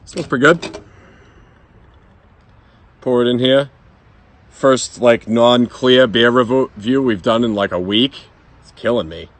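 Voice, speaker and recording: A man in his thirties with a Boston accent and a slightly hoarse voice, joking and swearing freely through a casual beer review vlog outdoors in his yard. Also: mid-range voice, a little slow, pauses often. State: voice a bit hoarse. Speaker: beer vlogger.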